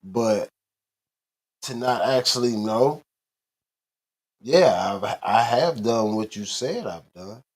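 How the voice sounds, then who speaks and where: A man's voice: medium pitch, expressive, a little mellow, breathy edge. Laid-back man podcast co-host. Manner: laid-back, reasoning slowly, laughs. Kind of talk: casual chat.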